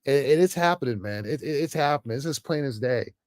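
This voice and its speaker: A man's voice: mid-range voice, animated, fast, a little mellow, no echo, studio quality. A man giving an off-the-cuff political rant to camera, emphatic and repetitive, stammering often and ending phrases with "man". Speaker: political commentator vlogger.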